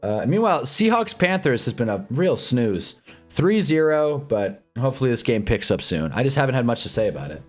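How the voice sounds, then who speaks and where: Faint music plays behind a mid-range male voice that runs a little fast. He hosts a live football stream, giving rambling, casual commentary, reading chat aloud and growing loud and excited over big plays.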